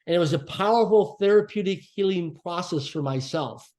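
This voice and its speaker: Man, podcast guest, earnest reflective storytelling, fairly high voice, slows down for emphasis. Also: darkish tone. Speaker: podcast guest, author and speaker.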